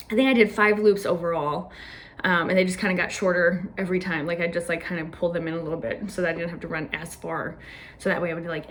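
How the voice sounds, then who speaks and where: A woman's voice: medium pitch, fairly bright tone. Chatty young woman, filler-heavy storytelling. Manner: chatty, lots of "like" fillers, laughs often. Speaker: podcast host. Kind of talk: casual personal recap.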